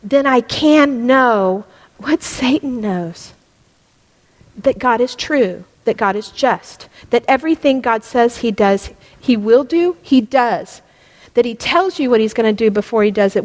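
Middle-aged woman, high voice, fervent Bible teacher; long hall reverb. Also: normal speed. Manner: impassioned, rising to near-yelling at peaks. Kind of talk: preaching a Bible lesson.

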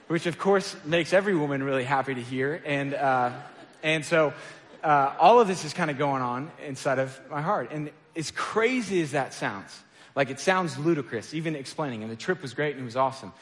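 A man's voice: a little high, fairly quick, fairly bright tone. A man giving a casual sermon, telling stories about himself with a light self-deprecating touch and plenty of filler words. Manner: conversational, self-deprecating storytelling with many fillers. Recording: echoey hall with long reverb.

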